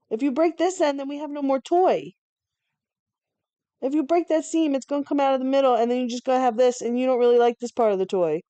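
A woman's voice: high voice, dark tone, dry recording. A woman giving casual live play-by-play commentary from home, laid-back and swearing freely between plays.

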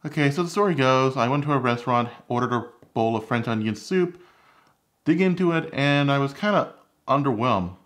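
A man hosting his own cooking channel, chatting candidly and critiquing his own recipe videos. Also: mid-range voice. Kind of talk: casual vlog commentary.

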